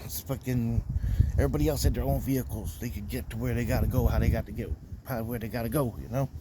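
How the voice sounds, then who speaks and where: A man's voice: mid-range voice, fairly even intonation, fast talker, noisy background. Profane storytelling man, heated. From Florida. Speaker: podcast host. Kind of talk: casual storytelling rant.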